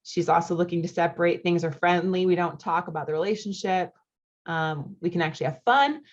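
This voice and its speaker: A chatty, upbeat American woman in her thirties hosts a live online coaching class over a computer mic, greeting viewers from the chat. Her voice sits a little low, and the webinar audio is dull and lo-fi. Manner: chatty and upbeat, with quick laughs and friendly asides. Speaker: marriage coach hosting a live online masterclass. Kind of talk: live webinar, reading chat comments aloud.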